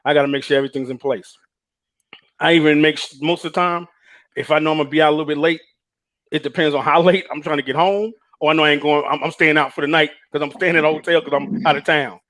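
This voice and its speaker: A man's voice: fairly high pitch, steady tone, quick pace, a bit bright. A man on a panel, speaking earnestly and reflectively about his own experience, with many fillers. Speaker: panel guest. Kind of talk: casual chat, personal testimony.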